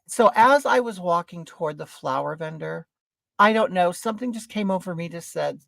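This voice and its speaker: A man's voice: high voice, lively intonation, normal speed, gravelly, fairly bright tone, no echo. A man in a drag persona, telling an indignant, dramatic story in a vlog. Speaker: vlogger.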